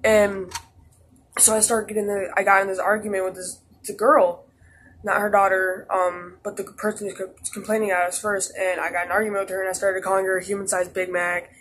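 A man's voice: sits high, level tone, fairly quick, a bit bright, a little hiss or hum. A teenage boy vlogging a casual storytime, rambling with lots of "like" and restarts. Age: teens. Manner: rambling, heavy use of "like" and restarts.

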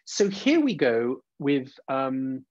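A man's voice: medium pitch, big pitch swings, slow pace, darkish tone, no room sound. A man leading a teacher webinar in an informal lecture style, with many "uh"s and restarts, tapping out rhythms aloud over a video call. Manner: frequent "uh" and "um", restarts. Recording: dull, dry, lo-fi video call audio.

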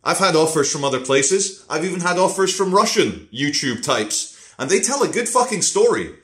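A man's voice: on the high side, expressive, moderate pace, a bit bright. A man vlogging in a rambling, unscripted monologue, blunt and profane, with sardonic asides. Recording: roomy echo.

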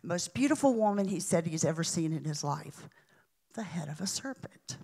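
A woman preacher telling a story in a sermon, dramatic, with sudden hushes and swells. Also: on the low side, expressive, normal speed, creaky, husky.

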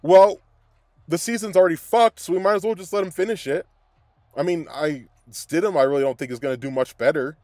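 A man's voice: on the high side, fairly quick, darkish tone, no room sound, studio quality. Angry cursing man ranting about football. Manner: angry, scatterbrained, cursing constantly. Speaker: sports fan podcaster. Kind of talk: profane fan rant.

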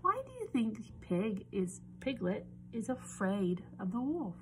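A young woman reading a picture book aloud to children, animated and often dropping into a whisper. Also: mid-range voice, measured pace, a little hiss or hum. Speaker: storyteller.

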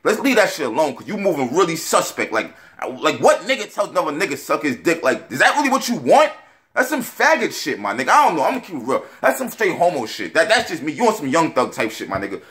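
Brash fast-talking man ranting. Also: a little high. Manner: brash, profane, animated ranting. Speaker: battle rap blogger. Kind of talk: ranting video response.

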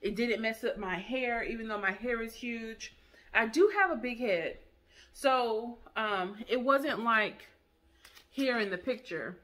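A woman's voice: a little high, unhurried, sharp tone. A woman hosting a casual product review vlog, chatty and enthusiastic, talking straight to her viewers.

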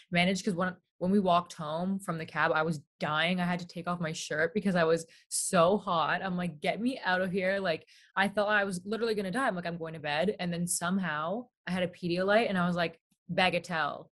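A young woman guest on a podcast, recounting a trip in quick, animated casual chat with frequent "like". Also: fairly low pitch.

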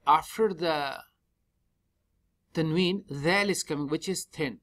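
A man teaching tajweed step by step in a mosque, spelling out letters and vowels one at a time and chanting the verses slowly and drawn out. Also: fairly high pitch, pushed and bright. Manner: slow, drawn-out chanting when reciting. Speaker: Quran recitation teacher.

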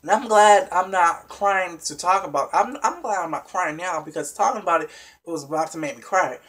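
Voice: medium pitch, animated, a little fast, a bit bright. A vlogger casually recapping a reality show episode for viewers, chatty and emphatic, with many restarts and frequent asides to the audience.

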